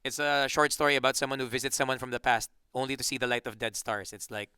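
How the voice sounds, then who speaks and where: A man from the Philippines chats loosely in an interview, joking and rambling with restarts. His voice is bright and crisp. The sound is close and dry. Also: medium pitch, steady tone, fast, dry recording. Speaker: band member. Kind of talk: casual interview chat.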